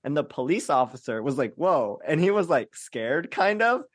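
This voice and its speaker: Young male podcast co-host. Halting, filler-heavy storyteller, dry close sound. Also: a little high, big pitch swings, no echo. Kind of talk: personal storytelling in casual chat.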